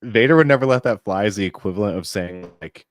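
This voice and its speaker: A man joining a casual podcast chat as a guest, deadpan and sarcastic. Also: lowish voice, quick pace, dry recording, clean studio sound. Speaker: guest panelist.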